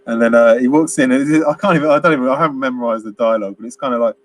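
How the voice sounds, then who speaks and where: Speaking quickly in a mid-range voice, this male film podcast co-host chats casually about movies. He wanders through scenes, laughing often and performing snippets of dialogue.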